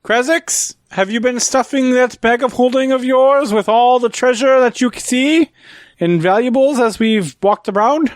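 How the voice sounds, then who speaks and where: A man's voice: very high-pitched, unhurried, no room sound. A man voicing a fussy, formal adventurer in a tabletop game. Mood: prim. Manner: formal, prim, easily offended. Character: fussy polite adventurer Lou, pompous, prim. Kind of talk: tabletop role-play.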